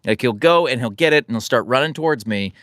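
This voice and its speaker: An American man hosting a relaxed live stream, reading and answering chat questions in a rambling, self-deprecating way. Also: medium pitch, quick pace, dry recording, studio quality. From United States. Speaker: livestream host answering chat.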